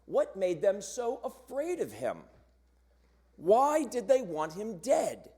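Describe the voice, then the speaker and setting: A man with a fairly high voice reads scripted narration for a church cantata. He speaks slowly and solemnly, with a lively, rising-and-falling delivery and rhetorical questions. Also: slightly rough. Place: church sanctuary during a choir performance.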